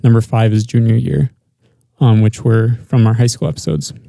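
A young man hosting a casual podcast, running through segments in a relaxed way. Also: mid-range voice, normal speed, gravelly, no room sound, clean studio sound. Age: young adult. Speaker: podcast host. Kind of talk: casual chat.

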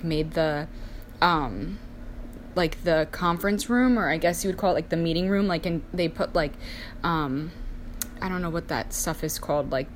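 A woman's voice: on the low side, slight background noise. A young woman telling a personal story in a casual, chatty way, full of "like" fillers. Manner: chatty, many "like" fillers, acts out quoted voices. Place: indoors, sipping coffee while talking.

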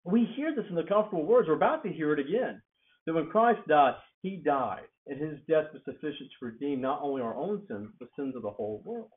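A man preaching a sermon, rising high and loud on key words and dropping low and soft between them. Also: big pitch swings, a little fast. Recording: tinny phone-like sound.

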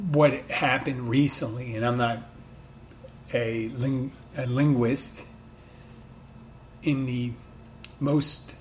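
Guy with a mid-atlantic, kinda philly accent, just rambling along, faint noise in the back. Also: mid-range voice. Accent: mid-Atlantic American with Philadelphia touches. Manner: rambling, thinking aloud with restarts. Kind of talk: casual monologue.

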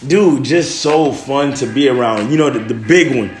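A man's voice: mid-range voice, moderate pace, soft background music. A young man hosting a casual podcast monologue, loose and emotional, full of slang and "man" and "bro". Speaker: podcast host.

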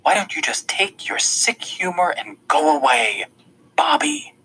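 A tough blind teenage girl hisses her words flat and cold, as a male reader puts her on, often sinking into a raspy whisper. Her husky edge never clears, and she sounds frightened yet defiant. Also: medium pitch, normal speed, low-quality recording. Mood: bitter.

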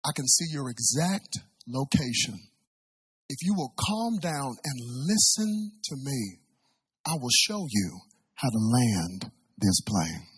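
Brief: man voicing steady male controller, soothing, slow, a bit breathy. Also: medium pitch, heavily acted. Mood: calm. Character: calm male air-traffic controller.

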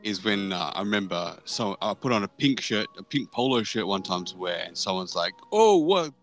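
A man co-hosts a podcast and talks quickly and agreeably in an easy conversational flow. Faint music plays underneath. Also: deep voice, a bit bright. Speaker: podcast co-host. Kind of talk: casual chat.

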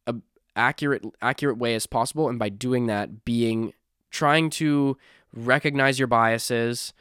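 A man's voice: mid-range voice, unhurried, fairly bright tone, clear, resonant tone, dry recording, studio quality. Rambling man hosting a solo podcast. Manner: rambling, self-correcting, apologetic asides. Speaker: podcast host. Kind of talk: casual solo podcast monologue.

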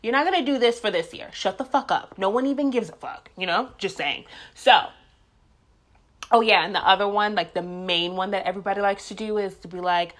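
A young adult woman vlogging to her viewers, telling stories in a blunt, profane and animated ranting way. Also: mid-range voice, a little fast. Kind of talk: casual ranting monologue.

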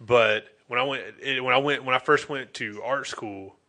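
Bright-voiced Southern man, earnest chat. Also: medium pitch, steady tone, moderate pace. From North Carolina. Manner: earnest, thinks aloud with frequent restarts. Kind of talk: casual chat.

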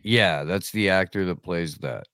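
A man with a lowish voice guests on a casual podcast, talking in a slow, deadpan, hesitant way. He takes his time between words. The recording is dry and close. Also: dry recording. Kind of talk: casual comedic chat.

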